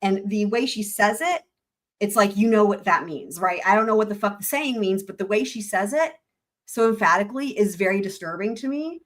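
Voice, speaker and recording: A woman's voice: mid-range voice, expressive, a little fast. A woman hosting a live stream, reacting to a court clip in blunt, rambling casual commentary full of fillers. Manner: blunt, rambling, uses many fillers and swears.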